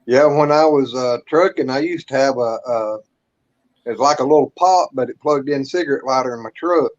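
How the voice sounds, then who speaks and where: A man co-hosting a casual live stream, talking haltingly, repeating words and filling with "you know". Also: medium pitch, lo-fi sound. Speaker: co-host.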